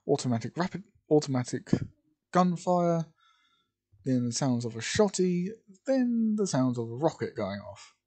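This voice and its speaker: A man's voice: fairly high pitch, sing-song, moderate pace, dark tone. A man improvising a fan-fiction story aloud, rambling and correcting himself as he goes. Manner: rambling, self-correcting, hesitant.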